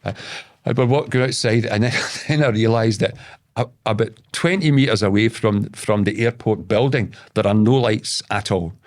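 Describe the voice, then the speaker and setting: A man's voice: fairly low pitch, moderate pace, darkish tone. A man with a Scottish accent, a guest telling a long story in casual talk, swearing freely and tripping over and repeating his words. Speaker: podcast guest.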